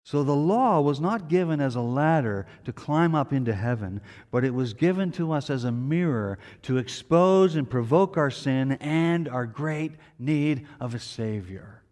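A man preaching a sermon, telling a story with emphatic peaks and hushed low appeals. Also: expressive, unhurried, hardly any pauses, in a large hall. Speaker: pastor.

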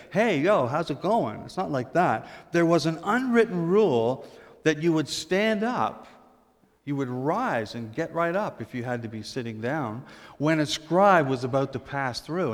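A man pastor giving a humorous, storytelling sermon, dropping to a hush for emphasis. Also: mid-range voice, long reverb tail.

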